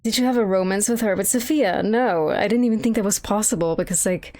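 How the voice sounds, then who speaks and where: A woman's voice: medium pitch, a little fast, warm tone. A young woman giving casual, profane commentary while playing a video game, rambling and incredulous. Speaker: game streamer.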